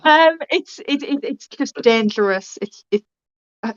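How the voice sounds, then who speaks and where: A woman's voice: sits high, expressive, a little slow, no room sound. Rambling woman player, dull dry sound. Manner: rambling, repeats words. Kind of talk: casual tabletop play.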